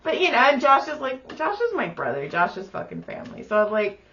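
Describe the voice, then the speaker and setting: Woman, mid pitch, blunt swearing storyteller, casual podcast chat, muffled lo-fi sound. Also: sing-song, a little fast, vocal fry, fairly bright tone. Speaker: podcast co-host. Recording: muffled lo-fi recording.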